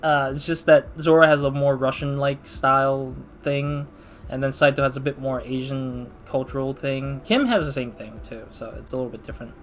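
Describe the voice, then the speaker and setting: A man's voice: mid-range voice, normal speed, slight background noise. A young adult man hosting a let's-play, commenting casually in a self-deprecating, laid-back way. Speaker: gaming channel host.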